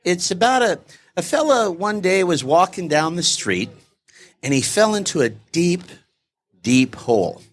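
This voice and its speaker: A man's voice: high-pitched, very animated, measured pace. A middle-aged man, a business consultant, telling a joke and acting out its voices during a live interview at a networking event. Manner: storyteller, acts out voices in a joke.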